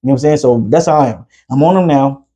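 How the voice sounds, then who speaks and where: A man talking quickly in a loose, conversational podcast chat, his voice dark and a little husky. He speaks as a father and keeps tossing in "you know what I'm saying" between thoughts. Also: medium pitch. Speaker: podcast co-host; father of a preteen son. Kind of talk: casual chat.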